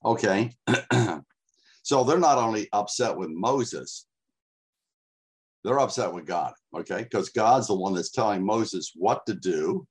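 A man's voice: on the low side, animated, slow pace, husky. A man preaching a sermon to a congregation, speaking in a casual, conversational way with frequent fillers. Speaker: pastor.

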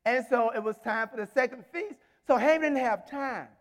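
A male minister preaching a sermon, retelling a Bible story with emphatic, animated delivery and shouted exhortations. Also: very high-pitched, normal speed, long reverb tail.

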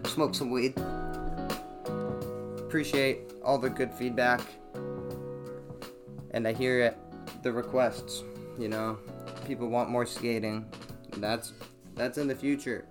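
A man's voice: medium pitch, steady tone, takes it slowly, pauses often, over music. A man hosting his own podcast from a small home room, telling rambling, profane stories full of "like" fillers, with the microphone set on a towel-covered chair. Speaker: podcast host. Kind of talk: casual solo storytelling.

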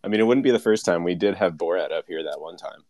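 A man's voice: sits low, lively intonation, fast talker, a little mellow. A man in a casual live audio chat, chuckling and joking dryly.

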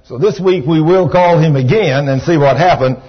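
A man preaching a storytelling sermon in a church, folksy and animated, sometimes rising to shouts of praise. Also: on the high side, moderate pace, slightly rough. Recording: dull lo-fi church recording.

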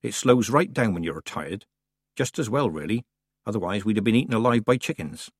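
A man voicing a blunt, sharp-tongued elderly witch in an audiobook, speaking in clipped, matter-of-fact lines. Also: on the low side, lively intonation, brisk, no echo, studio quality. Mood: stern. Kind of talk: audiobook character reading.

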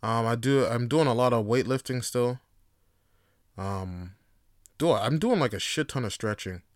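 A man hosting a casual solo podcast, rambling loosely with plenty of swearing and filler words, and getting loud and animated when he gets worked up. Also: medium pitch, unhurried, no echo, clean studio sound. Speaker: podcast host.

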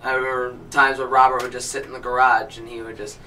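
A young man co-hosting a podcast, agreeing and chiming in with lively casual chat. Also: medium pitch, crowd noise. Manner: lively, agreeable, quick to laugh along. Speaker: podcast co-host. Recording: distant mic with audible noise.

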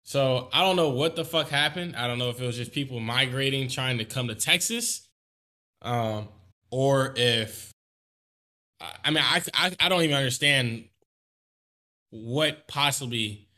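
A man's voice: medium pitch, a little slow, sharp tone. A man co-hosting a casual podcast, giving blunt, profane opinions and repeating points for emphasis. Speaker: podcast co-host.

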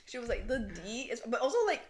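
A woman's voice: on the high side, animated, quick pace. A young woman co-hosting a podcast in casual chat, giggly and full of "like" and "you know.". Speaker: podcast co-host. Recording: roomy echo.

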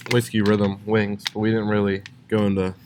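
A man co-hosting a casual podcast, tossing in quick remarks and banter. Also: on the low side, monotone, a little mellow. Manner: quick interjections, laid-back banter. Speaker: podcast co-host. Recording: noisy podcast recording.

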